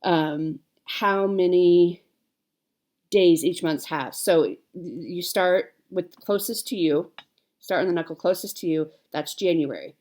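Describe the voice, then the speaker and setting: A woman's voice: on the low side, slow, darkish tone. A woman in her forties chatting casually to viewers as a cross-stitch vlogger, rambling along with fillers and self-corrections. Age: 40s.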